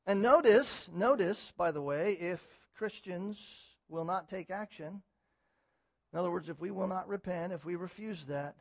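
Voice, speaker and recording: A man preaches with a high, urgent voice, repeating key words with emphasis. He drops into quieter explanation before rising again. The sound is dry and close, a little dull and lo-fi. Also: no echo. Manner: swings from quiet teaching to loud emphatic exhortation. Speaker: pastor. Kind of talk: sermon.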